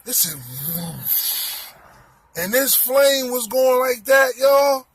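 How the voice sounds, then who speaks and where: A man telling a comic story in an animated, exclaiming way, repeating his words. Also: very high-pitched, unhurried, no room sound.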